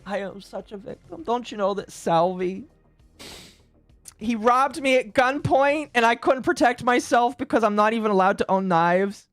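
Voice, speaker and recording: A woman voicing a whiny, self-pitying British man, drawn out slowly in a mocking whine. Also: on the high side, no echo, faint music behind, voice pushed up, natural voice. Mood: whiny mockery.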